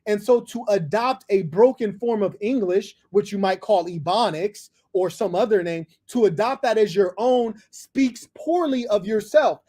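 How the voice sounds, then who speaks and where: High-pitched, condescending male stream host. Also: measured pace, hardly any pauses, darkish tone. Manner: condescending, lecturing, mocking. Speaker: livestream host taking callers. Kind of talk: combative live call-in commentary.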